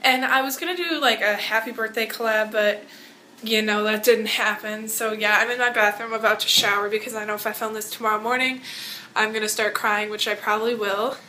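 A teenage girl vlogging from her bathroom, rambling warmly through a birthday message to her best friend with lots of fillers. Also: mid-range voice, fairly even intonation, brisk, a little hiss or hum. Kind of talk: casual birthday message vlog. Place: home bathroom, indoors.

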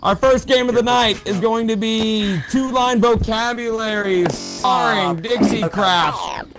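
A man hosting an improvised comedy show over game voice chat, animated, often shouting and laughing. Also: extremely high pitch, unhurried, loud music behind the voice.

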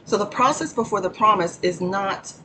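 A woman hosting her own channel, giving a rambling spiritual teaching in a hoarse morning voice from a cold room, often stopping to thank the Holy Spirit. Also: medium pitch, normal speed, bright, forceful tone, low-quality recording. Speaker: channel host.

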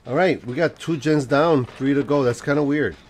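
A man with a cold-stuffed nose talks to his live-stream viewers as he plays, cracking silly jokes and asking them questions. His voice sits at an ordinary middle pitch. There is some noise in the background of his home recording. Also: normal speed. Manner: jokey, chatting to viewers while playing. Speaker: game streamer. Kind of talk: casual live-stream gaming commentary.

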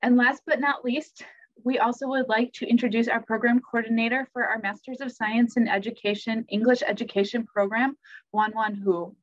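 A woman's voice: fairly high pitch, fairly even intonation, moderate pace. A woman hosting the event who introduces the next speaker in an upbeat way. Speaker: event host. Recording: dull lo-fi sound from off mic.

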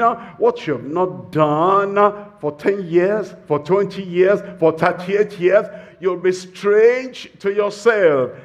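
Male preacher, slightly high voice, slow deliberate sermon delivery with repeated refrains. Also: dull audio. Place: campus fellowship meeting.

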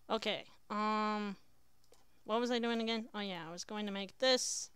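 Bright, chatty woman gaming. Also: medium pitch, fairly even intonation, normal speed, clear, resonant tone, no room sound. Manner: chatty, talks to herself, with sudden exclamations. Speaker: let's player. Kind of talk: casual gameplay commentary.

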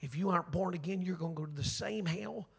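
A man, preaching a revival sermon and telling a story, swinging from shouts down to near-whispers. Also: high-pitched, fast, creaky. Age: 60s. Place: church sanctuary.

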